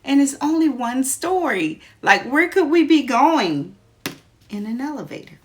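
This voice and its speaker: A woman's voice: high-pitched, very animated, measured pace, pitched above the performer's own voice. A woman voicing a timid young girl who keeps asking puzzled questions. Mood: confused. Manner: questioning, uncertain.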